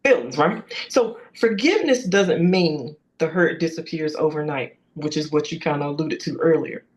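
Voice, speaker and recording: Low-voiced affirming woman host. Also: moderate pace. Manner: affirming, thanks the guest and backchannels often. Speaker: podcast host. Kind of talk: interview host.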